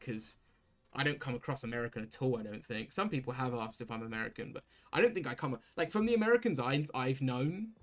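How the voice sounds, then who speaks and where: A man's voice: mid-range voice, big pitch swings, fast. Rambling young British man streaming a game. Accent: British English. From Britain. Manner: rambling, talks to chat, many restarts. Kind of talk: casual chat while gaming.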